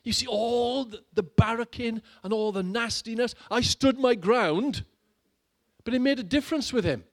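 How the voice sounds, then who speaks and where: Brief: man, middle-aged, church sermon, fairly high voice, theatrical loud-soft delivery. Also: moderate pace. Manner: dramatic, swings between loud urging and hushed low lines. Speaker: pastor.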